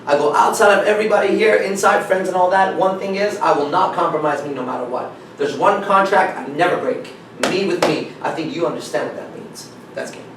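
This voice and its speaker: A man with a fairly high voice tells a story with emphasis, acting out what each person said. He is recorded from a distance in a strongly echoing room, with a faint hiss underneath. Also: brisk, hardly any pauses. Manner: acts out dialogue, emphatic, repeats "I said". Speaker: dating coach speaker. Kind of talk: animated storytelling talk. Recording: echoey room, speaker away from the mic.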